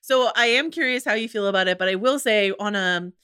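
A woman co-hosts a podcast in lively, emotional chat and swears freely as she talks. Her voice is bright and forward. The sound is close and dry. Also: medium pitch, a little fast, clear, resonant tone, no room sound. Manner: animated, emotional, swears casually. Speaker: podcast co-host. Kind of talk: casual chat.

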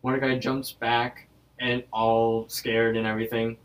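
A man's voice: medium pitch, level tone, unhurried, far from the mic, low-quality recording. A young man co-hosting a podcast, casually retelling a cartoon episode and often restarting his sentences. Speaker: podcast co-host. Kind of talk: casual episode recap chat.

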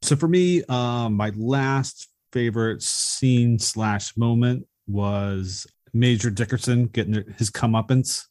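A man co-hosting a casual movie podcast, calmly recounting plot points and favorite moments. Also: medium pitch, slow pace, few pauses. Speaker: podcast co-host.

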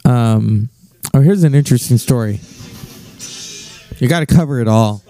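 A man hosting a podcast, talking in a musing, unhurried way. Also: mid-range voice, warm tone, faint music behind. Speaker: podcast host. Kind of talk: casual podcast commentary.

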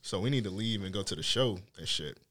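A man's voice: lowish voice, expressive, fast, fairly bright tone. A man casually telling a story among friends, laid-back and slangy, often laughing.

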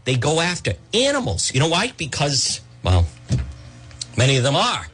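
A male talk-radio host rants in an excitable, fired-up way. His husky voice leaps up and down in pitch, and he keeps stumbling over his own words before pushing on. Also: moderate pace. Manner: excitable, ranting, repeats words and trails off. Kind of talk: opinionated talk radio monologue.

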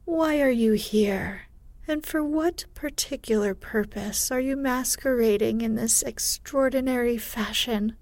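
A woman's voice: on the high side, a little slow, darkish tone, dry recording. A woman reading a storybook aloud and voicing a gracious, amused giantess in a raised, lilting voice that often falls to a whisper.

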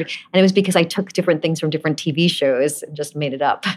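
A woman's voice: lowish voice, lively intonation, quick pace, hardly any pauses. A woman in her forties from Brooklyn, an actress chatting as an interview guest, rambling with asides and laughing often. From Brooklyn, USA. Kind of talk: casual interview chat.

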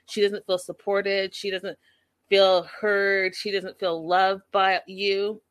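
A woman's voice: medium pitch, level tone, slow pace. A woman casually recapping a reality show episode, chatty and opinionated, peppered with "like" and "you know".

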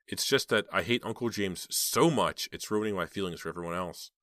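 A man's voice: low voice, a little fast, a bit bright, dry recording, studio quality. A man reading an audiobook and voicing a bitter, resentful teenage girl who speaks in a cold, scornful way. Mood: brooding.

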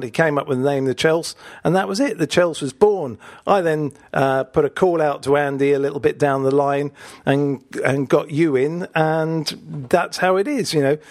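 Podcast host guy, fairly high voice, dry close sound, chatty and animated. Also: no echo. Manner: animated, repeats words when excited. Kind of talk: casual chat.

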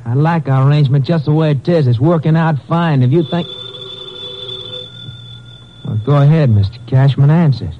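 An actor playing a sly, menacing young male blackmailer in a vintage radio drama, talking with a slow folksy drawl. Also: a little high, slight background noise, lightly acted. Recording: muffled old radio recording.

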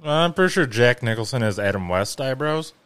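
A man's voice: medium pitch, expressive, brisk, a bit bright, smooth. A man in a casual movie commentary podcast, making sarcastic, profane wisecracks. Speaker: podcast co-host.

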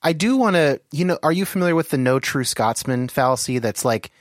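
A man's voice: on the high side, animated, a little fast, no echo. Guy hosting a podcast chat, kinda careful and rambly, dry close sound. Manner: thoughtful, qualifying, frequent fillers. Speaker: podcast host. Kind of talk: casual conversation.

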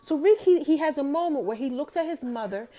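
A young adult woman casually recapping a TV episode, telling it in an animated way and talking straight to her viewers. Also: high-pitched, brisk.

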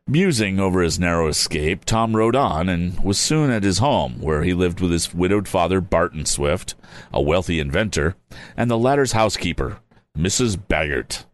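Low-voiced man reading an old storybook. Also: lively intonation, normal speed. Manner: chatty, adds wry asides. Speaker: reader. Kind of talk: casual storybook read-aloud.

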